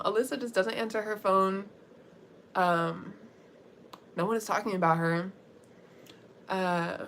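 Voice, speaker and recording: A young woman on a livestream tells a story at a slow, unhurried pace, casual and slangy, with laughter slipping in. A faint hum of room ambience sits behind her. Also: medium pitch, fairly bright tone. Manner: chatty and slangy, laughs often while telling the story.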